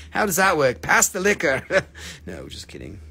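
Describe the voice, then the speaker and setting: A man with a slightly high voice hosts a live crystal sale. He talks casually and jokingly, teases his viewers and swears freely along the way. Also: wildly swooping pitch, takes it slowly, creaky, pushed and bright, breathy edge. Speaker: host selling crystals on a livestream. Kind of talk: casual live sales chat.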